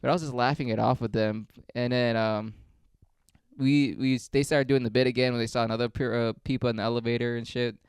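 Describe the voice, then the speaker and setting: A man hosting a podcast, telling stories in a rambling, profane, deadpan way on a close mic. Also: medium pitch, fairly quick, clear, resonant tone, no echo. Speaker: podcast host. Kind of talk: casual storytelling.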